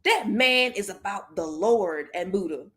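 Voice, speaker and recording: A woman's voice: mid-range voice, expressive, a little slow, fairly bright tone. A woman hosting a casual commentary chat, joking and laughing often. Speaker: host.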